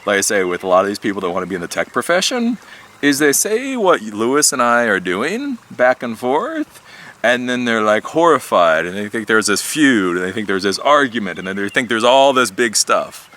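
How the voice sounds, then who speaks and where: His voice sits on the low side yet sounds very animated, pushed and bright, at an ordinary pace. The man, a tech YouTuber, chats casually outdoors in a solo vlog for his channel, with the odd curse and laugh.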